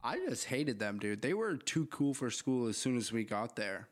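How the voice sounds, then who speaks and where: Lively, joking young man from Southern Maine. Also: mid-range voice, moderate pace. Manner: lively, joking, laughs often. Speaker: band member. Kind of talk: casual storytelling chat.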